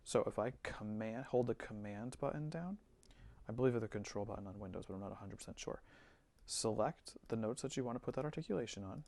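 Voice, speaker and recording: A man giving a relaxed screen-recorded music software tutorial, thinking aloud with fillers as he works. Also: on the low side, quick pace, creaky. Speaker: music teacher.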